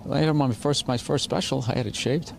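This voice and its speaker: A comedian in casual chat, joking and teasing in easy banter. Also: male voice, mid-range voice, fairly even intonation, brisk, creaky. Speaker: comedian, podcast guest.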